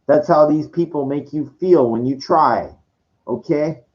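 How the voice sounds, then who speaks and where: A man in his forties rants rambling about his life in a voice on the high side, speaking a little slowly. His monologue is full of stammered restarts, frequent swearing and exasperated outbursts, captured on dull lo-fi audio.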